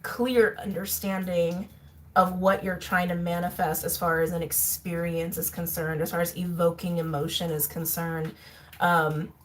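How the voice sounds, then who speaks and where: Woman, tarot reader, casual musing chat, fillers and soft laughs, faint background hiss and clicks. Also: lowish voice, level tone, measured pace. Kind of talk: casual tarot reading monologue.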